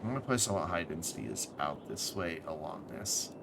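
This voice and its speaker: Tired guy streaming a city builder, gravelly lowish voice, swoops up and down a lot, noisy mic. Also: lively intonation, a little fast. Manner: thinks aloud, self-correcting. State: tired, with hiccups. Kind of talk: casual gameplay commentary.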